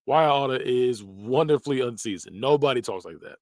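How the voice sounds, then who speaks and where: Lively, laughing podcast host guy. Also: medium pitch, brisk, no echo, clean studio sound. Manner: laughs often, slips into exaggerated voices for quoted phrases. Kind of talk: casual reaction commentary.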